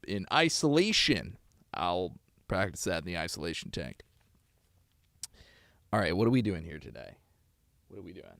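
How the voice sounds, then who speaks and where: A man with a lowish, bright voice and a forceful tone streams live, greeting his chat with playful, joking banter and goofy asides. It's casual livestream chat, recorded with no echo.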